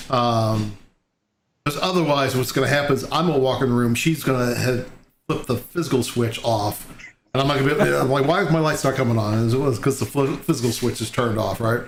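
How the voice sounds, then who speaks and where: A man's voice: mid-range voice, slight background noise. A man hosting a casual interview on a video call, rambling through stories with many fillers. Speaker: host. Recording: echoey room with faint ambience.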